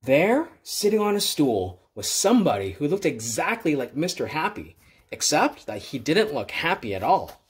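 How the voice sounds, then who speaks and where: A man reading a children's storybook aloud, expressive and playful with repeated words. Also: fairly high pitch, normal speed, slightly rough.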